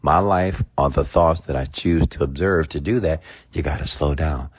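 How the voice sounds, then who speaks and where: A man's voice: extremely low pitch, moderate pace, few pauses, slightly rough, no echo. A man giving an emphatic motivational rant full of rhetorical questions. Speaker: motivational speaker.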